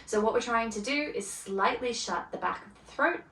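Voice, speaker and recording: Calm woman guiding a yoga class. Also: on the high side. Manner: calm, soft-spoken cueing with gentle pauses. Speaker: yoga teacher. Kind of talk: guided yoga class instruction. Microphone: camera mic from a distance. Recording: roomy echo, voice from a distance, faint ambience.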